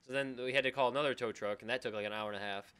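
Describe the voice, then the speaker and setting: A young man co-hosting a live-streamed chat show, telling a rambling, low-key story. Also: steady tone, very fast, fairly bright tone, smooth. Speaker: co-host.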